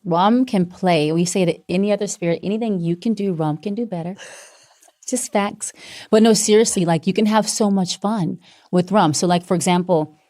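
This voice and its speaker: A woman's voice: medium pitch, mellow. A young woman from the American South with a Southern accent, chatting casually and playfully as a guest. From Decatur, Georgia. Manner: playful, quick to break into impressions and other languages. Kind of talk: casual chat.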